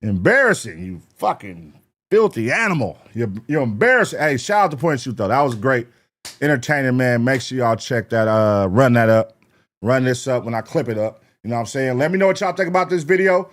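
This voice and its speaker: A young man hosts a live reaction stream, talking loosely with profane slang, laughing, and shouting out names from the chat. His voice is medium-pitched and his pace is brisk.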